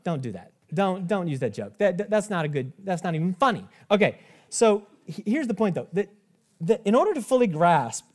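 Male pastor in his 30s, lively conversational preaching, quick asides, frequent restarts. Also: a little high. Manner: conversational, animated, self-interrupting with restarts and asides. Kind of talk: sermon.

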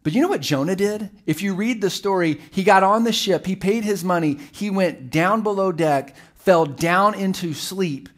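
A middle-aged man preaching a sermon as pastor, telling the story with animated, acted-out voices. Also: high-pitched, normal speed, few pauses.

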